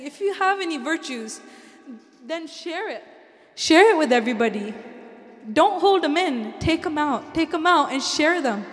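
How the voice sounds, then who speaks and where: Addressing a Sikh congregation in a hall, a woman with a high voice speaks with earnest, heartfelt conviction. Her inspirational talk weaves Punjabi phrases into English, and the room leaves a long reverb.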